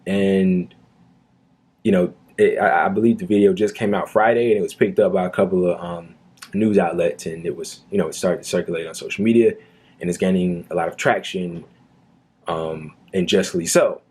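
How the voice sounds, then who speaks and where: A man's voice: sits low, steady tone, normal speed, darkish tone, breathy edge. A man giving indignant reaction commentary on a news video, talking earnestly with frequent fillers like "um" and "you know.".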